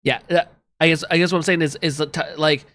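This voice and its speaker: Hesitant tabletop player, halting casual speech. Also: medium pitch, fairly even intonation, a bit bright.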